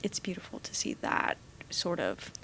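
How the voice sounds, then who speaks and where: A woman's voice: moderate pace, a little hiss or hum. Young woman telling stories on a podcast. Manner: excited storyteller, acting out scenes with filler sounds. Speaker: podcast guest. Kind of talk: casual podcast chat.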